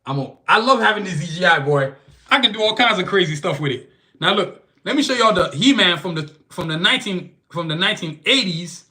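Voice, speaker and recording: A man with a high voice talks fairly quickly as he hosts a solo podcast, chatting casually in slang and breaking into heated, opinionated rants. It's recorded on a phone camera.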